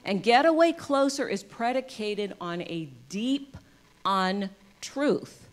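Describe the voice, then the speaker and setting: Woman, church guest speaker, inspirational talk, middle pitch, soft to loud swings, self-deprecating humor, acts out voices. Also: takes it slowly. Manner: expressive, swings from soft and intimate to loud and emphatic; acts out voices of people in her stories. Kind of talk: inspirational talk on spirituality and love. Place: in front of a live congregation.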